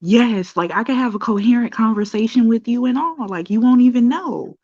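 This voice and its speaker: A woman guest in a casual chat, talking in a calm, easygoing way. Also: on the high side, a little fast, dry recording. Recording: dull lo-fi audio.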